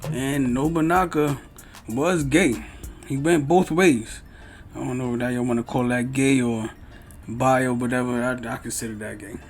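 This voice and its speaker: A man's voice: medium pitch, fairly even intonation, normal speed, soft background music. A man doing reaction commentary, talking straight back at another creator in a heated, argumentative way with loose, slang-heavy street talk. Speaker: YouTube commentator answering another video.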